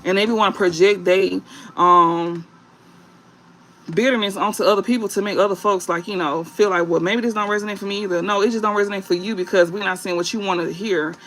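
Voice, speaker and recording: A man with a high, gravelly voice rants bluntly on a late-night tarot livestream, swearing freely and circling back with drawn-out fillers. A faint hiss sits under his voice. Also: fairly even intonation, sharp tone. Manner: profane, blunt, scolding; drawn-out fillers and repeated phrases. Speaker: online tarot reader.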